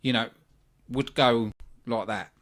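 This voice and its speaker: A man with a British accent, host of a wrestling review podcast, speaks slowly in a mid-range, fairly bright voice with fairly even intonation. He chats casually, offering blunt opinions peppered with ums and asides.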